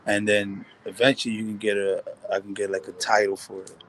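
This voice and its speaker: A man's voice: lowish voice, level tone, brisk, a bit bright, slight background noise. Slangy laid-back man on a phone call. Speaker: panel guest. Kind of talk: casual chat.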